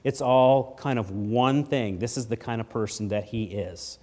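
A middle-aged man preaching a sermon, reading scripture aloud with swelling emphasis and dropping low for asides. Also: a little slow, darkish tone. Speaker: pastor.

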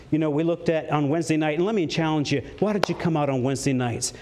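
A man preaching a sermon, earnest, slowing down to stress key words and climbing in pitch when stirred, with light jokes slipped in. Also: darkish tone. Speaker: pastor.

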